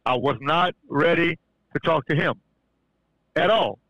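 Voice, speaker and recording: A man tells a religious testimony in a bright, pressing voice. He stumbles over restarts and then rises into fervent emphasis. The recording is dry and dull, with a lo-fi sound. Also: fairly high pitch, no echo. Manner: halting, many restarts, builds to fervent emphasis. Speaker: podcast guest sharing testimony. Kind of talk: casual church-style testimony.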